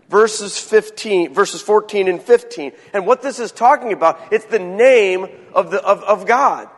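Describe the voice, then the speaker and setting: A man, a pastor, giving a chatty sermon with joking asides and halting restarts. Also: high voice, fairly bright tone. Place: church sanctuary. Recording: long hall reverb.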